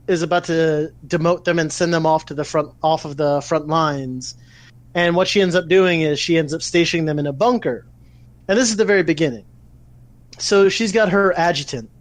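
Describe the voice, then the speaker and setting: A man with a somewhat high voice, chatting on a podcast and telling a story with lots of energy and cursing. He sounds close and dry on the mic, with no room around him. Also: moderate pace, no echo. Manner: animated, swearing storyteller. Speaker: podcast co-host. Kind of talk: casual chat, retelling an anime plot.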